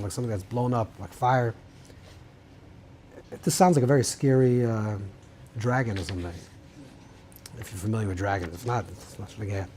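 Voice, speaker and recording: A man's voice: medium pitch, warm tone, a little hiss or hum. A man teaching a rabbinical class in an informal lecture style, thinking aloud with many restarts and mixing Hebrew terms into English.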